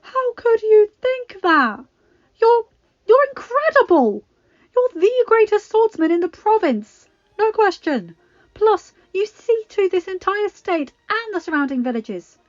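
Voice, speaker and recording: A woman reader voicing an earnest, caring young man who speaks with an emphatic, rising pitch. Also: expressive, moderate pace, few pauses, a little mellow. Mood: pleading. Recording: dull lo-fi recording.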